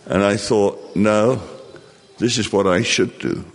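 An older man from England telling a personal story to an audience, in a slow, reflective way with many fillers. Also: fairly low pitch, in a large hall.

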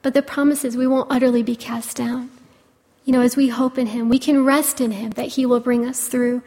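Woman preacher, sermon delivery, earnest and gentle, filler-heavy, slightly higher voice, long hall reverb. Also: flat delivery, a little fast. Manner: earnest, gentle, many "you know" fillers.

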